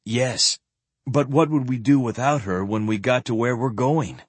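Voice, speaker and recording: A man voicing a steady male knight in an audiobook, answering in short, plain lines. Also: medium pitch, measured pace, breathy edge, dry recording.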